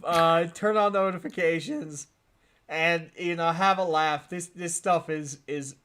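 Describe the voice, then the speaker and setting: Slow-talking man hosting a casual chat. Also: a little high. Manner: relaxed, chuckling, lots of fillers. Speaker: show host.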